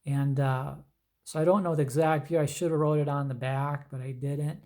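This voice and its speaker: A man's voice: on the high side, moderate pace. A middle-aged man chatting casually as he shows his comic book collection, rambling with lots of fillers. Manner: rambling, relaxed storytelling with many fillers. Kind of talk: casual show-and-tell chat.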